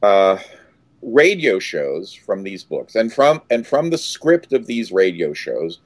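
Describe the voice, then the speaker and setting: An older man telling a story as an interview guest, full of halting restarts and loud acted outbursts. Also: sits low, big pitch swings, dry recording.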